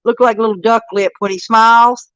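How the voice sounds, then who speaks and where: An older woman talking on a casual vlog, slipping into high sing-song baby talk for a grandchild. She laughs often and repeats herself. The sound is dry and close. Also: steady tone, moderate pace, a bit bright, no echo, rough recording. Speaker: vlogger and grandmother. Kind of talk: casual live-stream chat.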